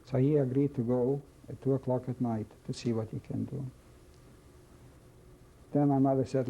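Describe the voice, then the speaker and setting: Older man from Czechoslovakia, gravelly and dark, halting testimony delivery, muffled lo-fi recording. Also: medium pitch, steady tone. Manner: halting, repeats phrases, slow reflective storytelling. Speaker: witness telling his life story. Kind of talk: oral history testimony. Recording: dull lo-fi recording, faint hiss.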